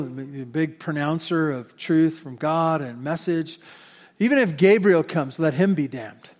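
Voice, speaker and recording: A man preaching a sermon as pastor in a church, talking in a conversational way and often repeating words as he corrects himself. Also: a little high. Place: church sanctuary. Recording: long hall reverb.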